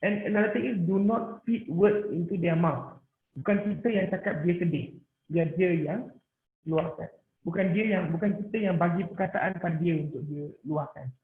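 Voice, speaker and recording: High-voiced Malaysian man lecturing online. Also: slight background noise. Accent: Malaysian English. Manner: code-switches, halting repetitions. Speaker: paediatrics lecturer. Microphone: computer mic on a video call, camera off. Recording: tinny, echoey online call audio.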